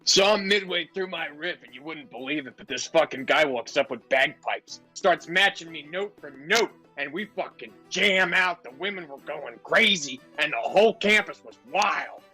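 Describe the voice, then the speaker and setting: A man's voice: on the high side, lively intonation, moderate pace, few pauses, pushed and bright, slightly rough, soft background music, voice pushed up, heavily acted. Double Dick, a man doing a crude bragging bro. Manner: swaggering, crude storytelling. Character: crude, bragging party-dude bard reminiscing.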